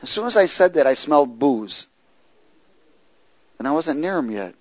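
A man preaching and telling his testimony, moving from loud preaching to hushed storytelling. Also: a little high, sing-song, normal speed, no room sound, low-quality recording.

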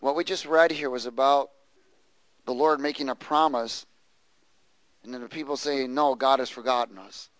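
A man's voice: mid-range voice, fairly even intonation, moderate pace, long pauses, a bit bright, no room sound, low-quality recording. A man preaching a sermon, reading scripture aloud and prompting the congregation to answer and repeat after him. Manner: reads scripture aloud, prompts congregation with call-and-response questions. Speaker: pastor.

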